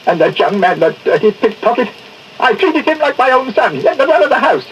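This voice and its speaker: An actor playing a miserly, self-pitying old widower in a 1940s radio drama. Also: male voice, very high-pitched, big pitch swings, fairly quick, a bit bright, slight background noise, heavily acted. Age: older. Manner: whining, complaining. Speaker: client. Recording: dull old radio broadcast recording.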